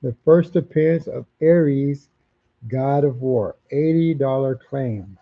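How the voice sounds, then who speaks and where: A man's voice: mid-range voice, slow pace, phone-quality sound. A man hosting a live comic auction stream, chatting casually, repeating prices and titles and reading out viewer comments.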